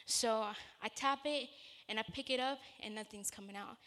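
Moving at a moderate pace, a woman delivers a sermon in an earnest, conversational way, starting with a personal story before turning to scripture. Her voice is bright, forceful, and a bit high.

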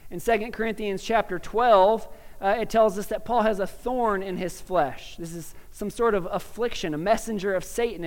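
High-voiced, clear preacher in a big hall. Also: male voice. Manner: conversational, animated, stammering restarts, laughs at his own jokes. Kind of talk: sermon. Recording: long reverb of a large hall.

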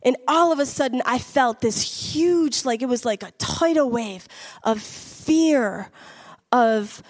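A woman's voice: fairly high pitch, expressive, slow pace. A middle-aged woman telling an earnest, emotional personal testimony, often laughing as she talks. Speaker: church member giving testimony.

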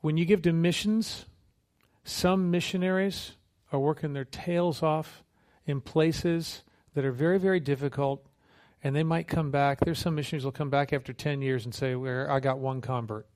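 A man preaching a sermon with a fairly high voice. He talks in an easy, humorous way and acts out little scenes as he tells them. His voice keeps lifting on the punchlines. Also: normal speed. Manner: conversational, humorous, animated storytelling with acted quotes. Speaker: missionary preacher.

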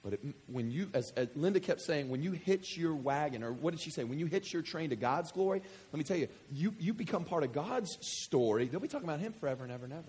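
A man from West Kentucky preaching a sermon, joking with the congregation and swinging from quiet scripture reading to loud excitement. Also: fairly high pitch, quick pace, few pauses, breathy edge. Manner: animated, jokey, swings between quiet reading and loud enthusiasm. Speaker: pastor.

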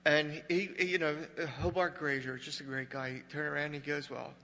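A man's voice: steady tone, a little fast, vocal fry. Older man preaching in a reverberant hall. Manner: emotional, rising to loud emphatic peaks, dropping low and quiet in grief. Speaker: pastor. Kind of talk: sermon with personal story.

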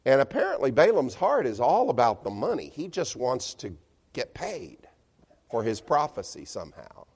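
A man's voice: on the high side, sing-song, measured pace. A male pastor preaching a sermon in a chatty, storytelling way with chuckles, to a church congregation. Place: church hall. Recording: long church-hall reverb.

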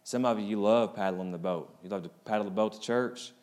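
A man preaching a sermon as pastor, swinging between loud, rising appeals and quiet, low asides. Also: a little fast.

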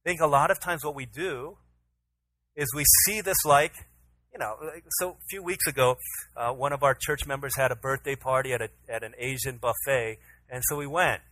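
A man in his thirties, a pastor, telling a lively family story in a sermon and acting out his side of it. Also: mid-range voice, normal speed, slight background noise, poor audio. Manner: storytelling, acts out his own pleading voice to his toddler.

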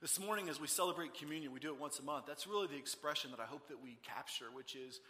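High, bright-voiced pastor preaching in a reverberant hall. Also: male voice, fast, hardly any pauses. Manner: earnest, swings from loud emphasis to hushed intimacy. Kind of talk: sermon. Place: church sanctuary. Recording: long reverb of a large hall.

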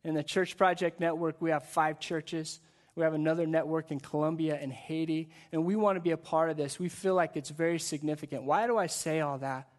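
A man preaching a sermon to a church service, in an energetic, conversational way with frequent repeated words. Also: a little high, a little fast. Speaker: guest pastor.

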